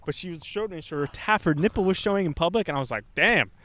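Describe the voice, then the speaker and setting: A man's voice: high voice, racing. A young man co-hosting a podcast, telling a long rambling story in casual chat, swearing often and acting out the lines of the people in it. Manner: rambling, animated, swears a lot, acts out quotes. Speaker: podcast co-host. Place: Montreal.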